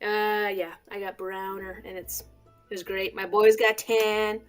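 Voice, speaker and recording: A woman's voice: medium pitch, flat delivery, measured pace, music in the background. A young adult woman chatting casually as a co-host and telling stories with plenty of fillers, on a home computer mic. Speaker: podcast co-host. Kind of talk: casual chat.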